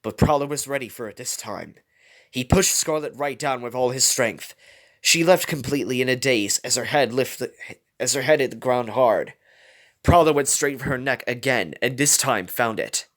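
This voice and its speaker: A man's voice: mid-range voice, moderate pace, a bit bright. A man reading a fan story aloud, telling it dramatically with small slips. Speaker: reader.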